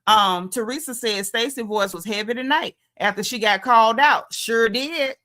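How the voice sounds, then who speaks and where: A woman's voice: fairly high pitch, moderate pace, sharp tone. A woman with a Southern American accent hosting a casual livestream recap, talking in a sassy, emphatic, colloquial way. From Southern United States. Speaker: show recap host.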